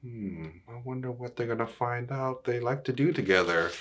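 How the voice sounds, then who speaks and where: A man's voice: medium pitch, normal speed, hardly any pauses, fairly bright tone, a little hiss or hum. A man reading a picture book aloud to children, often stopping to ask the listener questions. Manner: asks the young listener questions. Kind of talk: children's story read-aloud.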